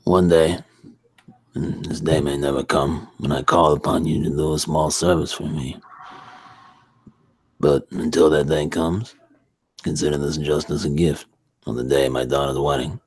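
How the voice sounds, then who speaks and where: A man doing an impression of a solemn old male Mafia boss from a film, slow and deliberate. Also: very deep voice, little pitch movement, husky, no room sound, exaggerated voice.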